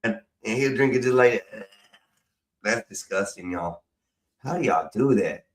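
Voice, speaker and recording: A man's voice: lowish voice, animated, a little slow, poor audio. Rambling, cussing middle-aged man. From United States. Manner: profane, rambling, swings loud and soft. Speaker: live stream host. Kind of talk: rambling casual rant.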